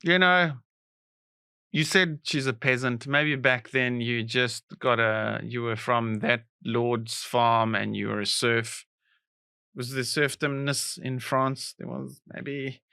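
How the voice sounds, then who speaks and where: Male podcast co-host, bright tense tone, dry sound, thinks out loud. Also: mid-range voice, fairly even intonation, takes it slowly, creaky, clean tone, dry recording. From South Africa. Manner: musing aloud, guessing and reacting. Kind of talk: casual comedy podcast chat.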